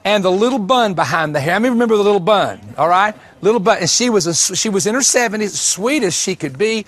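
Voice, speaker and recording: A man's voice: high-pitched, expressive, quick pace, a bit bright. A man preaching a sermon, telling stories and repeating key lines for emphasis. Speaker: pastor.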